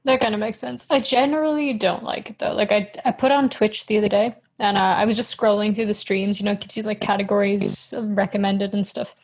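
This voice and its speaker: A woman's voice: mid-range voice, steady tone, brisk, few pauses, a little mellow. A woman co-hosting a podcast in casual chat, giggly and rambling. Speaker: podcast co-host.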